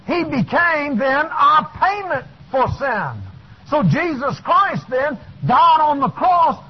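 A male preacher delivering a fiery sermon, shouting his points and then dropping to low asides, in a dull lo-fi recording. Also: very animated, takes it slowly.

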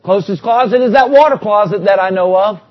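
Preacher guy, high voice, chatty animated sermon, muffled lo-fi sound. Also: a little fast. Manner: animated, conversational preaching with quoted scripture.

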